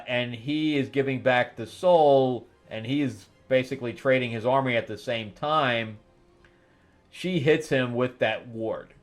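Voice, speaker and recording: A man hosting a comic review, casually recapping a story in a rambling way with asides. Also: medium pitch. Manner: rambling retelling with laughs and asides.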